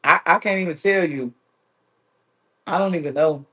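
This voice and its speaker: A man's voice: a little high, normal speed, a bit bright. A man hosting a live stream who chats casually and teases his viewers, reading their comments aloud. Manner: playful, teasing, reads viewer comments aloud. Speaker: livestream host.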